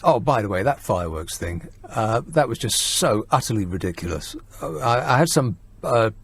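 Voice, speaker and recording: A man's voice: medium pitch, expressive, normal speed, gravelly. A man hosting a talk radio phone-in, sardonic and mocking, laughing often.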